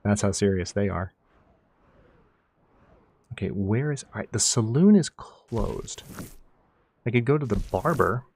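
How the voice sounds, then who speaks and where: A man's voice: on the low side, animated, measured pace, long pauses, a little mellow. A man streaming a game live, chatting casually and thanking viewers, often mimicking characters.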